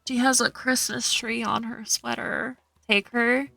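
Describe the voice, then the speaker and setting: A woman's voice: fairly high pitch, level tone, measured pace, creaky, pushed and bright, dry recording. A young woman streaming a cozy game, chatting casually, reading chat aloud and gushing over cute characters. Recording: dry close sound with faint game music.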